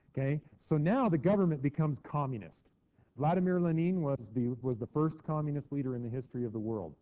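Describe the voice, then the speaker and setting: A middle-aged man teaching a history lesson to a class in a chatty way, acting out quotes with mock voices. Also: mid-range voice. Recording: dull lo-fi classroom recording.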